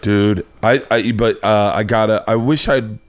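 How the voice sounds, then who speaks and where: A man's voice: lowish voice, steady tone, unhurried. A man hosting a podcast, telling a long story in casual chat, swearing freely and putting on voices for other people. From United States. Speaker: podcast host.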